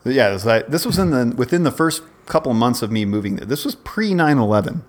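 A man's voice: mid-range voice, sing-song, fairly quick. A man in his forties, a podcast co-host, telling a long rambling story in casual chat, often breaking off and restarting. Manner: rambling, self-interrupting storyteller.

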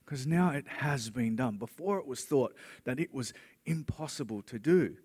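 A middle-aged pastor preaching a sermon, earnest and conversational, often checking in with "right?". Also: male voice, medium pitch, expressive, normal speed, a little mellow, slightly rough, long reverb tail.

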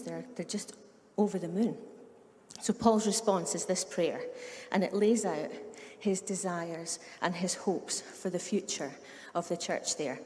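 A woman's voice: on the low side, a little mellow. A middle-aged woman with a Scottish accent, a pastor giving a conversational sermon full of humorous stories and asides. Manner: chatty storyteller with humorous asides. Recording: long reverb of a large room.

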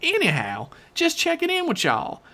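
A man voicing a cheerful, rambling rural man in a slow, drawling folksy manner. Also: very high voice, wildly swooping pitch, bright, forceful tone, voice pushed up, exaggerated voice.

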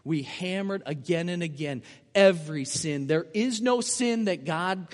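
A man's voice: sits high, lively intonation, measured pace, long reverb tail. A man preaching a sermon, telling a story with emphasis and repeating key phrases for weight. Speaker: missionary preacher. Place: church.

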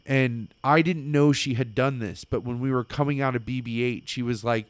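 A man telling a story in casual chat, excitable and rambling, full of fillers. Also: medium pitch, normal speed, no room sound.

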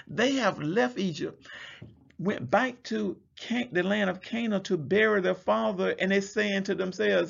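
Husky, gravelly-voiced man preaching. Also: high voice, a little slow, fairly bright tone, muffled recording. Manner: reads scripture aloud and explains it, stretching words for emphasis. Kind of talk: Bible study sermon.

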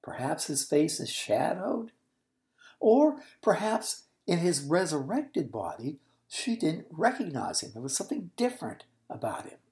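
Low, warm-toned woman teaching scripture, animated storyteller, unhurried. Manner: expressive, storytelling, explains original-language words. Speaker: Bible teacher. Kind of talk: expository Bible teaching.

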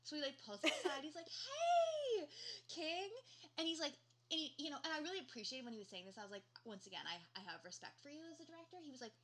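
Bright, lively young woman co-hosting. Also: on the high side, a little hiss or hum. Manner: animated, swearing, lots of fillers. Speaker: podcast co-host. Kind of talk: casual chat.

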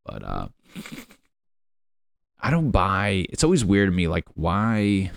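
A man's voice: low-pitched, wildly swooping pitch, takes it slowly, creaky, no room sound, studio quality. A young man hosting a casual solo podcast, rambling and swearing, laughing at his own jokes. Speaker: podcast host.

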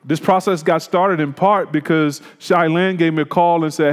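A man with a slightly high voice preaches a sermon in a large hall with a long reverb tail. He tells a personal story in a relaxed, conversational way and turns reflective at points. The delivery stays plain and unscripted. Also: normal speed, few pauses. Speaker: pastor.

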